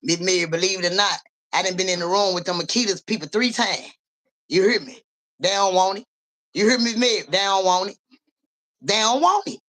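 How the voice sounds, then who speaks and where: A woman's voice: medium pitch, brisk, a bit bright. A woman livestreaming as a psychic reader, talking in profane street slang, calling viewers by name and asking "you hear me" over and over, with a cough now and then. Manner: coughs and clears throat. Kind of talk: casual livestream talk.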